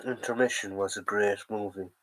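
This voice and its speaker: A man's voice: fairly low pitch, fairly even intonation, normal speed, low-quality recording. An Irish man with a sore throat hosting a casual live stream, rambling and answering chat comments as he goes.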